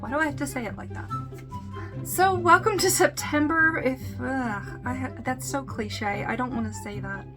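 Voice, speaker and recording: A woman with a fairly high voice chats casually to her camera about her makeup. She rambles and pokes fun at herself, trailing off with ums now and then. Faint music plays in the background. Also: normal speed, few pauses. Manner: chatty, self-deprecating, trails off with fillers. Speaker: beauty YouTuber. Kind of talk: casual makeup vlog with bloopers.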